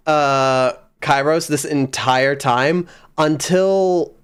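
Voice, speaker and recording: A man narrating as game master in a tabletop game, unhurried, with frequent fillers. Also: mid-range voice, smooth.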